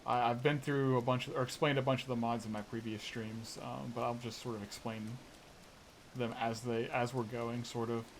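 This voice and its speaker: A man's voice: medium pitch, little pitch movement, normal speed, a little hiss or hum. A man rambling through casual live gameplay commentary, full of fillers and restarts. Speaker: game streamer.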